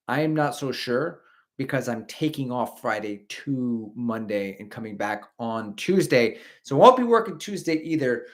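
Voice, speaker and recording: A man's voice: medium pitch, a bit bright. Host, man, 40s, loose rambling live-stream chatter, reads out viewer comments. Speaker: podcast host. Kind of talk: casual live-stream chat.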